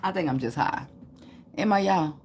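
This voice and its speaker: Between cards in a casual tarot reading, a woman curses, cracks jokes and laughs loudly. Her voice is on the low side and she talks at normal speed, with slight background noise present.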